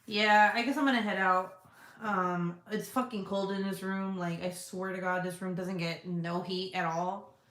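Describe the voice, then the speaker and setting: A woman's voice: medium pitch, steady tone, measured pace, a bit bright. A woman in her thirties hosting a casual live stream from a room at home, chatting bluntly, swearing freely and laughing as she reads viewer comments. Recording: echoey room.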